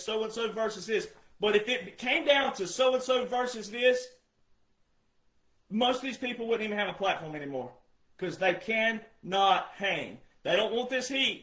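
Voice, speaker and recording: High-voiced man ranting, shouting at times. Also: reverberant. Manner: heated, scolding, repeated rhetorical questions, often shouting. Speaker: online commentator. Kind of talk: ranting monologue.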